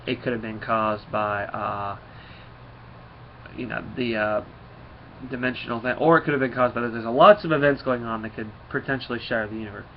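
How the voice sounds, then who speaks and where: A man's voice: medium pitch, fairly even intonation, normal speed, dull audio, slight background noise. A man giving a casual comic book recap, rambling and full of fillers.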